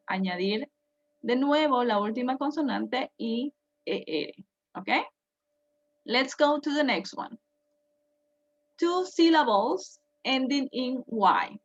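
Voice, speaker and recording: A woman's voice: a little high, highs cut off. A woman teaching English grammar, patiently repeating each point and translating it. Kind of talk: bilingual grammar lesson.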